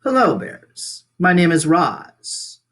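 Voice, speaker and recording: A man's voice: a little high, very animated, pitched above the performer's own voice, exaggerated voice. A polite, formal robot mother, read by a man. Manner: formal, gentle and measured. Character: polite female robot, calm and careful.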